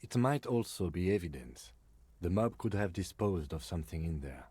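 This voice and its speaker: A measured police lieutenant speaks in a calm, dry, practical way in a video game. His voice is low and mellow. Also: breathy edge, dry recording. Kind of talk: game voice acting.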